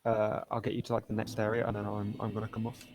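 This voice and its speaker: A man's voice: on the low side, completely flat delivery, rapid-fire, dry recording. Joking rambling man on voice chat. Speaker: guiding player. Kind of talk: casual gaming chat.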